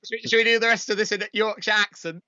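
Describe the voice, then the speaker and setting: A man from the UK co-hosting a casual chat, giving measured, critical photo reviews. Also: high-pitched, steady tone, sharp tone. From United Kingdom. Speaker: co-host. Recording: dull lo-fi sound.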